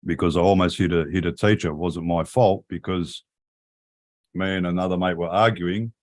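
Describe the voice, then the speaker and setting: Low-voiced man swearing freely. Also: fairly even intonation, moderate pace. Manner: crude, profane storytelling with frequent swearing. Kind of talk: casual chat.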